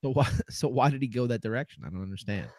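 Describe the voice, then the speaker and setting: A man's voice: medium pitch, expressive, fast, darkish tone, no echo. A man co-hosting a casual sports podcast, who reads aloud and laughs often as he talks. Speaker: podcast co-host.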